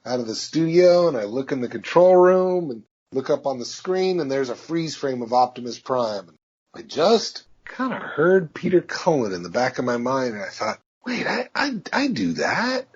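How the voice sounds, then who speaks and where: Relaxed man telling studio anecdotes. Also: medium pitch, moderate pace, breathy edge. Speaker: voice actor guest. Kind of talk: interview answers, storytelling. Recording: dull lo-fi audio.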